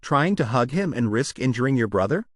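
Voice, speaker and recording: A man's voice: medium pitch, big pitch swings, fairly quick, no echo, clean studio sound. A man reading as a blunt warrior mother. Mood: teasing.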